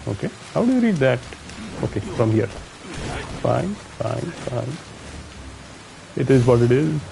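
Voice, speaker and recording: A man's voice: medium pitch, gravelly, dark tone, a little hiss or hum, poor audio. A man from India with an Indian accent, giving casual commentary on his own gameplay, muttering to himself and chatting with viewers. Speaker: streamer.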